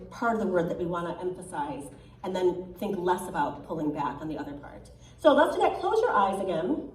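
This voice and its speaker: A woman coaching a choir as a guest clinician, upbeat and encouraging, giving quick directions. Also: medium pitch, a little mellow. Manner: upbeat, encouraging, sometimes sings lines to demonstrate. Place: choir rehearsal room. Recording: echoey room from far off, faint ambience.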